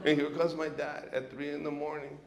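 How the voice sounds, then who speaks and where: A man doing a stand-up comedy set, telling stories in an animated way and acting out other people's voices. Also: a little high, a little fast, vocal fry, a loud crowd. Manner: storytelling, animated, acts out voices of his dad and the police. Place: comedy stage before a live audience. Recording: echoey stage recording with loud audience laughter.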